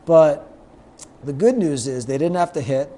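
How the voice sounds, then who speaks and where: Middle-aged male guest, mellow voice, animated storyteller who acts out quotes, faint noise behind. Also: on the high side, unhurried. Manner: lively anecdotes, acts out quoted lines. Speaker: guest, sports marketer. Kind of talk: storytelling in a podcast interview.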